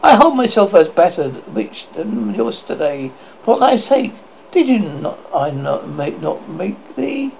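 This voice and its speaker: A man putting on a doting old witch woman who cackles and fusses, her sharp high voice leaping wildly up and down. The voice is gravelly, and the recording sounds dull and lo-fi with a faint hiss. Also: big pitch swings, a little slow, full character voice. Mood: gleeful.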